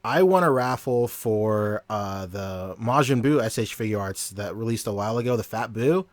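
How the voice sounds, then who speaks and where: Male podcast co-host, lively pitch, laughs a lot, dry mic. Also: normal speed, dry recording. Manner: laughs often, animated. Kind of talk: casual chat.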